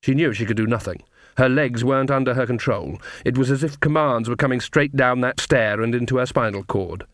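A man's voice: mid-range voice, brisk, no echo, clean studio sound. Man reading a fantasy audiobook. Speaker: audiobook reader. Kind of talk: scripted narration.

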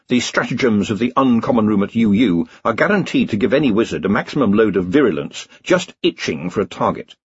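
Husky, expressive male storyteller. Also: fairly low pitch, no echo, lo-fi sound. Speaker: audiobook narrator. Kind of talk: scripted narration.

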